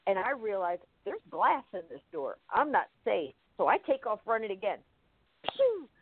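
A woman casually recounting a personal story, vivid and animated. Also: mid-range voice, normal speed, breathy edge, dry recording. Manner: vivid, animated retelling with acted-out moments. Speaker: guest telling a personal story. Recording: tinny phone-line sound, dry.

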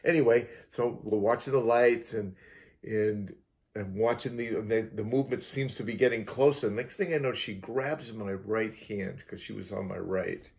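A man from Utah with a lowish, creaky, slightly mellow voice speaks at normal speed. As an interview guest he animatedly tells a strange personal story, acting out sounds and quoted lines and restarting frequently.

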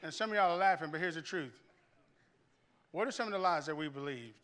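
In church, a male pastor preaches with animated storytelling, often restarting his sentences and posing questions to the congregation. His voice is slightly high and his delivery brisk.

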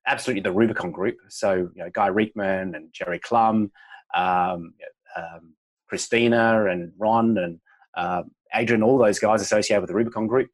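A man, a chiropractor guest on a podcast, speaking reflectively and telling a gentle story. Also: on the low side, moderate pace, rough recording. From Australia. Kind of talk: relaxed podcast conversation.

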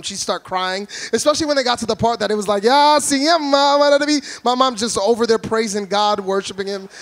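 Brief: high-pitched male preacher from Florida, energetic, comic, loud delivery to a church crowd. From Orlando, Florida, USA. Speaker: guest preacher. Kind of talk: humorous sermon to a congregation. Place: church before a live congregation.

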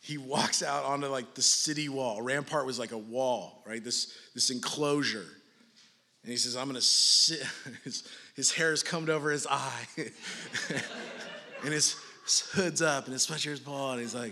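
A man's voice: medium pitch, moderate pace, pushed and bright. Joking preacher man in a reverberant hall. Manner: jokey, conversational, often adds "right?" and "like". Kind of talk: sermon.

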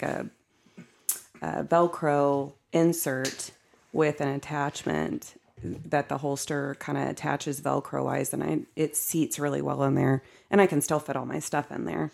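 A woman in a casual podcast chat, an animated and emphatic storyteller. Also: sits low, measured pace, creaky. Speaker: podcast guest, co-owner.

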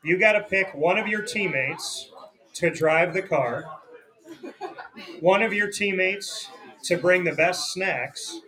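A man's voice: high-pitched, slow. A young man hosting a casual interview at a restaurant, joking and teasing as he tells stories. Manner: joking, teasing, animated storyteller. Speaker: radio show host.

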